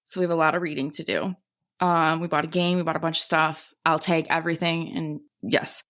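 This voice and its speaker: A woman co-hosting a podcast, telling an animated, swear-laden story in casual chat and laughing often. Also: deep voice, fairly quick. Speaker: podcast co-host.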